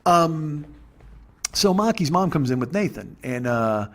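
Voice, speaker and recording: A man in his forties hosting a comedy podcast, telling a rambling, profane, exasperated story in a husky voice. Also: fairly high pitch, very animated, unhurried. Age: 40s. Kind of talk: storytelling monologue.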